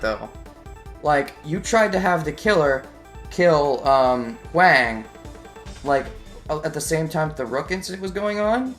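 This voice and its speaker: Guy doing chill lets play talk, bright voice, swears a bunch. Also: on the high side. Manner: loose and swearing, musing aloud. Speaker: gamer. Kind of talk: casual let's play commentary.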